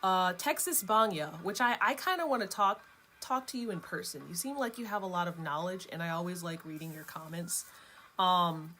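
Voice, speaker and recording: A woman with a somewhat low voice talks to her viewers in a loose, rambling vlog chat. She drifts from point to point and laughs easily between thoughts. A faint hum of room noise sits under her voice. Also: normal speed, bright, forceful tone. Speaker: vlogger host. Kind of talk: casual chat.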